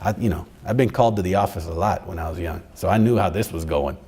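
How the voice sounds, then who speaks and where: A middle-aged man telling a personal story to an audience in an animated way, dropping Spanish phrases into his talk. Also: low-pitched, fast, slightly rough. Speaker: speaker addressing college staff.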